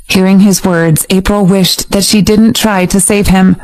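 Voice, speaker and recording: A woman narrating a romance audiobook in a steady, even storytelling voice. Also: medium pitch, unhurried, few pauses, poor audio. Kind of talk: scripted narration.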